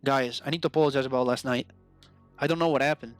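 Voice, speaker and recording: A man's voice: mid-range voice, steady tone, fast talker, clear, resonant tone, soft background music, close to an everyday voice. A man reading aloud the lines of an earnest, guilt-ridden young male adventurer in a role-playing game, speaking in an apologetic, serious manner.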